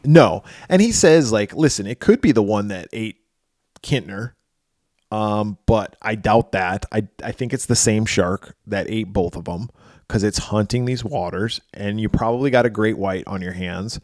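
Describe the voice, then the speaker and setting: A man co-hosting a podcast animatedly retells movie scenes in casual conversation, acting out lines and laughing frequently. His fairly low, slightly mellow voice has lively intonation and a normal pace, recorded dry in a clean studio.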